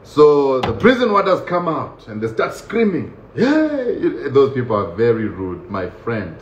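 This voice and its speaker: A man casually telling a story about his own experience, lively and laughing often, acting out the voices of the people in it. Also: mid-range voice, moderate pace, a little hiss or hum. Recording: roomy, dull lo-fi sound with faint ambience.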